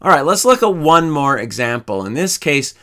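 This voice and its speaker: A man teaching a programming lesson, calmly walking through each step as he types code. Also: on the high side, normal speed. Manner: calm, methodical, explains each step while typing. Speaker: programming instructor. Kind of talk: screen-recorded coding tutorial.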